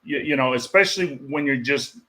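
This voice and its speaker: A man's voice: mid-range voice, brisk, fairly bright tone. Opinionated man in sports chat. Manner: opinionated, laughs while talking.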